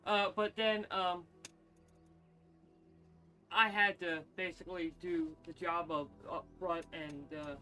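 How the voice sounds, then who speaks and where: A man chatting casually with his partner about his workday, relaxed and hesitant with many pauses. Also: sits high, faint music behind. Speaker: streamer's partner. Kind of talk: casual chat.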